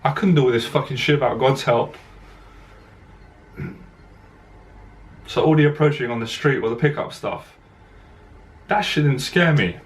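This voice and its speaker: A man, a dating coach, speaks straight to camera in a heartfelt monologue. He talks earnestly and directly, often repeating words as his voice catches. His voice sits at an ordinary middle pitch. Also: unhurried, long pauses. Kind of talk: emotional personal monologue to camera.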